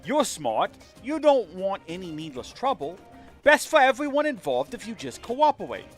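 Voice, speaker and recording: A man's voice: high voice, big pitch swings, moderate pace, soft background music, voice pushed up. A man putting on a menacing New York gangster. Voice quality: clumsy tough-guy gangster voice, threatening. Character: menacing male gangster interrogator with a put-on New York accent. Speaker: streamer voicing a game character.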